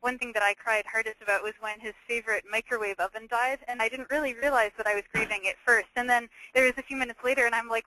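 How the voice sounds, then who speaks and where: A woman's voice: fairly high pitch, steady tone, quick pace, few pauses, pushed and bright, rough recording. A teenage girl speaking as a guest in a webinar discussion, chatty and full of casual fillers. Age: teens.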